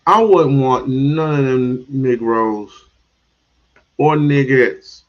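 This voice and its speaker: A man's voice: medium pitch, takes it slowly. Male stream host, blunt and drawling, talks to chat at a crawl; muffled lo-fi sound. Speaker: livestream host. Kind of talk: livestream commentary.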